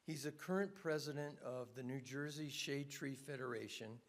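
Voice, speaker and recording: Male emcee, middle-pitched voice, folksy and repetitive introduction. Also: normal speed. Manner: chatty, folksy, repeats himself. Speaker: conference emcee. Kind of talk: introducing a speaker.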